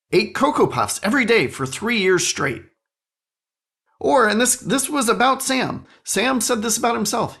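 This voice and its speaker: A man hosting a solo podcast, telling a story in an animated, self-mocking way into a studio microphone. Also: high voice, gravelly. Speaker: podcast host.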